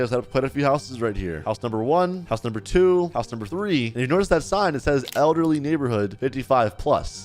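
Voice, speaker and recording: A man doing excited gameplay commentary, narrating and reading out chat lines, often repeating words in rapid bursts. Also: mid-range voice. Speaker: host.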